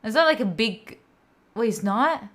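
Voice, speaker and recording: Her voice sits fairly high and moves at a moderate pace, full of expression. She's a young Italian study-stream host with an accent to match, giggling and chatting casually with viewers as she reads their comments between work sessions.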